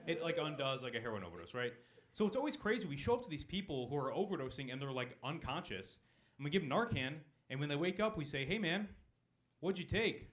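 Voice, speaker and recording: A young man performing a stand-up comedy set on a club stage, delivering deadpan punchlines and talking with the crowd. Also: on the high side, fast talker.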